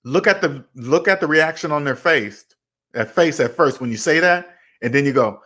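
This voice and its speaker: A young man hosting a casual livestream about money, animated and acting out both sides of imagined conversations as he answers chat. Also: a little high, normal speed. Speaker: finance channel host.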